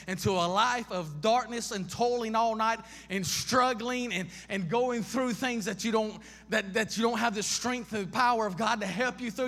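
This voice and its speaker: An impassioned man preaches a sermon, piling up repeated questions and restarting phrases, his voice high and a bit bright. The recording carries the long reverb of a large hall.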